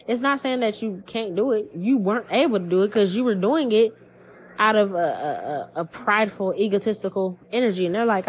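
Brief: woman, podcast tarot reader, higher voice, blunt and cussing, casual monologue. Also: fairly quick. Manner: blunt and profane, acts out quoted voices.

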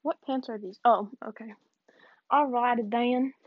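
A woman's voice: fairly high pitch, a little slow, slight background noise. A young woman from the American South, rambling in a casual vlog with self-mocking, giggly asides while she tidies up. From Southern United States. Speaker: vlogger. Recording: dull, dry lo-fi recording.

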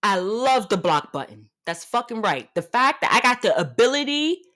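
A woman's voice: fairly high pitch, sing-song, normal speed, sharp tone. A woman in her thirties rants like a podcast host and talks straight into the mic. She is brash and confrontational. She swears freely and repeats short lines over and over for punch. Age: 30s. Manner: blunt and confrontational. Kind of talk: comedic rant monologue.

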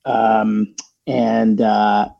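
A man's voice: on the low side, level tone, drawn-out words, gravelly, muffled recording. A man, a podcast guest, chatting casually and rambling with many fillers and restarts.

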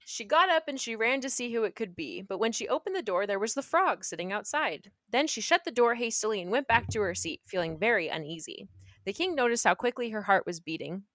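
A young woman reads a fairy tale aloud in a bright, fairly high voice that swings freely up and down. She keeps stopping for playful, sarcastic remarks and laughs, and the sound is close and dry. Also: lively intonation, brisk, dry recording. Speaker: podcast co-host reading a fairy tale. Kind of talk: reading a story aloud with joking asides.

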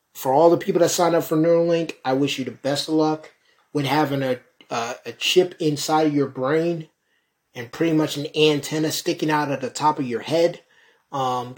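A young man hosting a solo podcast, talking fast and heatedly, swearing and repeating "folks" as he rants. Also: a little high, a little mellow. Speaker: podcast host.

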